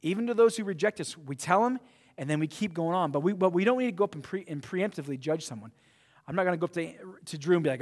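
A pastor preaches to his church, his voice sitting a little high. He talks emphatically and often restarts his phrases. A long reverb hangs after him in the sanctuary. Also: animated, fast talker. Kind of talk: sermon.

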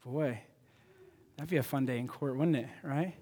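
A man's voice: mid-range voice, normal speed, warm tone, long reverb tail. A man preaching a sermon as pastor, talking casually, repeating himself and asking his congregation questions. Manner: conversational, repeats words, asks the congregation questions. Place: church sanctuary.

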